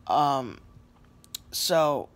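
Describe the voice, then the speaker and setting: Man, very sleepy, slow drawling talk, halting and rambling, lying on couch, casual home vlog. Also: medium pitch, animated. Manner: rambling, halting, many fillers and apologies. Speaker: vlogger.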